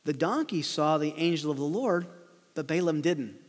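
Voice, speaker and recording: A man with a high voice tells a Bible story to children, reading verses and stopping to explain in an animated, amused way. His voice carries a long hall reverb, as if recorded in a large church room. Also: moderate pace. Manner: animated storytelling, chuckles at funny bits. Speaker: preacher teaching children. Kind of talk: Bible lesson for kids, read-aloud with commentary.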